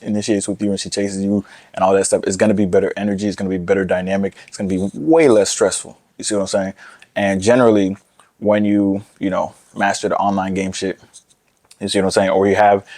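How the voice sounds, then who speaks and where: A young man rattles off blunt dating advice to camera at a quick clip. His voice sits low, and his delivery is brash and profane, full of repeats and restarts. The sound is close and dry, with no room to it. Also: a little mellow, no room sound. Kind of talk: casual rant to camera.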